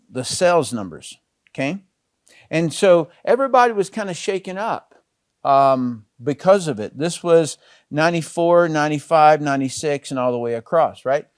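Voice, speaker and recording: A man's voice: on the high side, no echo, clean studio sound. A middle-aged man giving a casual network marketing talk, storytelling with many fillers and restarts.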